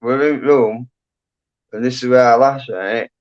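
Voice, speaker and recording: A man's voice: medium pitch, steady tone, measured pace. Rambling man, chatty. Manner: rambling, chatty, full of fillers. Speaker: livestream host. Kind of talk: casual chat. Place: at home. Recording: dull lo-fi sound.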